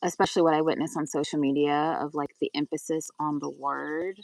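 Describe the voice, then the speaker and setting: A woman's voice: sits low, fairly even intonation, fairly quick, vocal fry, a little mellow, far from the mic, low-quality recording. A woman co-hosting a casual spiritual conversation, talking in a loose, chatty way full of "like" and the odd swear word. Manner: chatty, lots of "like", swears for emphasis. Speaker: co-host.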